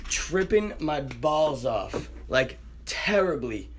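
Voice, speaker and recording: A man's voice: fairly high pitch, slow, a little hiss or hum. A young man telling a wild story in casual chat, swearing constantly and acting out the voices of the people in it. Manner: animated, swears constantly, acts out quoted voices. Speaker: podcast guest storyteller.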